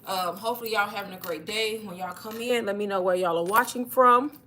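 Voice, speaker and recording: A woman's voice: medium pitch, steady tone, fairly quick, pushed and bright, slight background noise. A young woman hosting a casual livestream, chatty and a little out of breath, calling her viewers y'all. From Texas. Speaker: livestream host.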